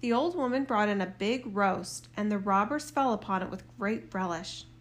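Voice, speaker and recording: A woman's voice: mid-range voice, moderate pace. A woman narrating a fairy tale aloud, giving light voices to its characters. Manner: reads all parts with mild shifts for the characters. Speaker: storyteller.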